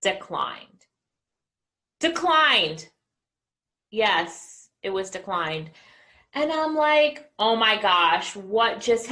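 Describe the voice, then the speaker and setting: A middle-aged woman business coach giving an energetic motivational talk to an online audience, often asking listeners questions. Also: fairly high pitch.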